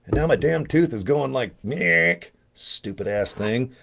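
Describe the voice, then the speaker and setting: A man's voice: mid-range voice, animated, normal speed, vocal fry, a little mellow, husky. An older man talking in a casual, rambling vlog, joking and chatty with a self-deprecating streak. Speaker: network marketing promoter.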